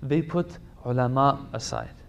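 A man's voice: medium pitch, a little slow, gravelly. A man giving a religious lecture to a congregation, emphatic, repeating phrases for stress and pleading directly with his listeners.

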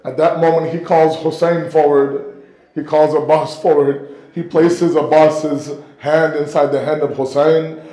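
A male preacher telling a sacred story in an emotional sermon, swinging between hushed tones and near-shouting. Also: on the high side, flat delivery, unhurried. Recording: roomy echo.

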